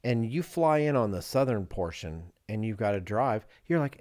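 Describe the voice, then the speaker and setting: Lower-voiced man telling a story. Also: normal speed, no room sound, studio quality. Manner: animated storyteller, does voices of people in the story. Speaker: podcast co-host. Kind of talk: casual storytelling chat.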